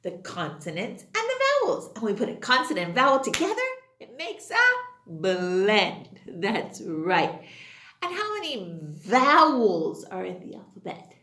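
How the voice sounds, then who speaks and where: A woman teaching young children phonics in a slow, exaggerated sing-song manner, full of praise. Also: medium pitch, big pitch swings, pushed and bright. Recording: echoey room.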